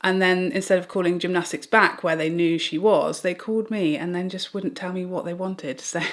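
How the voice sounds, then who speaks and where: Woman, vlogger, slightly low voice, chatty and earnest, storytime. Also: fairly even intonation, moderate pace. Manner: chatty, earnest retelling with many "like"s. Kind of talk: get-ready-with-me storytime vlog.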